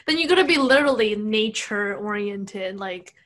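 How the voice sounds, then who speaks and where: A woman's voice: medium pitch, expressive, normal speed, a bit bright. A woman hosting a casual interview chat, giving brief responses and laughing along.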